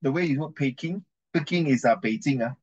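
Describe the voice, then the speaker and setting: A man's voice: mid-range voice, fairly quick, slightly rough, dull audio. Guy teaching english reading, chatty, keeps correcting himself. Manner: chatty, repeats and corrects himself, mixes in Chinese. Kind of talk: reading class with commentary.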